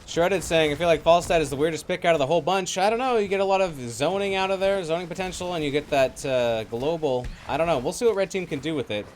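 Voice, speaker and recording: An esports caster calls a video game match live, his fairly high male voice moving fast with few pauses. He gives lively play-by-play and reads out chat, all over slightly noisy online stream audio.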